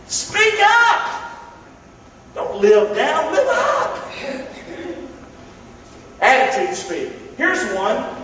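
A man preaching a sermon in a church, folksy and joking, calling on the congregation to answer and slowing down hard on the words he stresses. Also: high-pitched, fairly bright tone, slight background noise. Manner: emphatic, slows down to stress key words. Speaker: pastor. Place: church sanctuary. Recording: echoey hall, distant dull mic.

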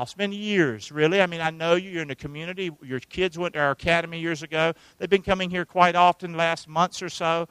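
A man preaching a sermon to his church, talking conversationally with rhetorical questions and swinging from hushed asides to loud, emphatic lines. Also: fairly high pitch, smooth, no room sound. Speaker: pastor. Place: church sanctuary.

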